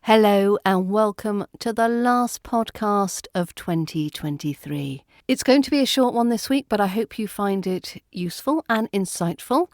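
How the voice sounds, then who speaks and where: A woman with a British RP accent hosting a podcast lesson on accents, speaking in a clear, measured teaching manner into a close mic. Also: medium pitch, lively intonation, darkish tone, no echo. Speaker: accent coach and podcast host.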